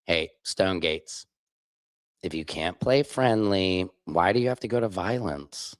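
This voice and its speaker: A man's voice: low voice, animated, a little slow, no echo, studio quality. A man in his forties from Missouri, hosting a casual live stream and trading sarcastic banter with viewers in chat. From Missouri, USA. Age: 40s.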